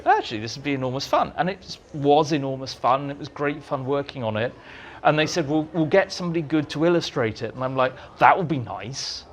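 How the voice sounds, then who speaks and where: A man telling lively anecdotes as an interview guest, acting out the dialogue in his stories, in a meeting room with an audience. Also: on the high side, slight background noise. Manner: animated storyteller, acts out dialogue. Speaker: interviewee, writer.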